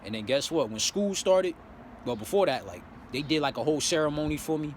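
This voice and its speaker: A young man tells his life story in a loose, animated way, full of swearing and fillers, with a slightly high voice. He is recorded outdoors in a city, with traffic and street noise clearly audible behind him. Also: brisk. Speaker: vlogger. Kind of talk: casual storytelling.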